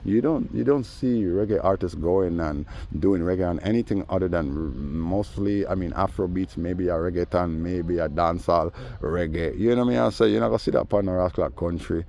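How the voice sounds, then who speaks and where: A man telling a story in a casual rant, animated and mimicking the people he quotes. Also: low voice, brisk, vocal fry, hardly any pauses, a little hiss or hum. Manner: animated, mimics others in quoted voices, laughs often. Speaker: vlogger.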